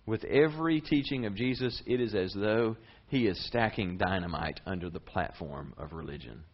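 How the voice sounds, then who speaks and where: A man preaching a sermon as a pastor, conversational and lively, with big rises and drops in his voice. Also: moderate pace, muffled recording. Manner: lively, conversational preaching with sharp swings in pitch and volume.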